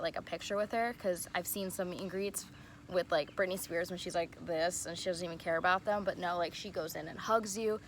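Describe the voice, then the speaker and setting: A young woman telling a story in a casual vlog, excited and gushing, saying "like" again and again. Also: fairly low pitch, slight background noise. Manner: excited and gushing, heavy use of "like". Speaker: vlogger.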